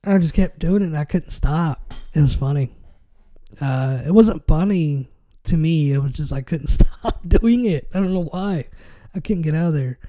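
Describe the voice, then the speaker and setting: A man's voice: a little high, fairly quick, mellow. A man hosting a podcast in casual chat, rambling with many fillers and restarts, his nose a little stuffy. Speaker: podcast host.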